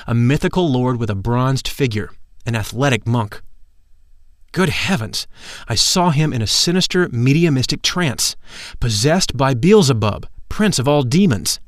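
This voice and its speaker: A man's voice: mid-range voice, no room sound. Man reading a formal narration, dry sound. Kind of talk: scripted first-person narration.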